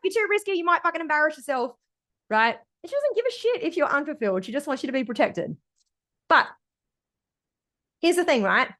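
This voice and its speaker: Woman, mindset coach, bright high voice, emphatic, swears freely. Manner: emphatic and sweary, with a frequent "okay?" and "right?". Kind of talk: recorded masterclass talk.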